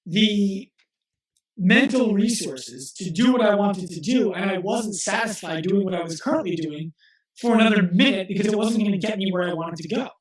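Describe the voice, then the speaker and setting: A man in his thirties, a guest in an interview, talking earnestly and telling stories with quick restarts. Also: high voice, echoey room, rough recording. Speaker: guest, physical therapist and coach. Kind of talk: conversational interview.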